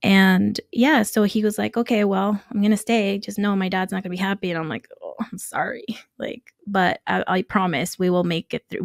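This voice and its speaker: A woman who grew up in Nicaragua, telling her story as a podcast guest, animated and laughing often as she acts out quoted dialogue. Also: mid-range voice, gravelly, no echo, clean studio sound. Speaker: guest, construction entrepreneur. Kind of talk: casual storytelling interview.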